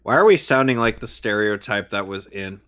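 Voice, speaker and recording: A man with a bright, forward voice at a mid pitch, chatting wryly as he plays. He talks in an even, casual way. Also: normal speed, smooth. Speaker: gamer, co-host. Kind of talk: casual gaming chat.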